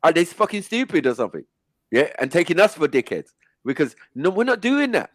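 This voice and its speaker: A man's voice: on the high side, a little fast, no echo. Exasperated man hosting, dry sound. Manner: animated, exasperated ranting with swearing. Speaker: stream host. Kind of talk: casual panel chat.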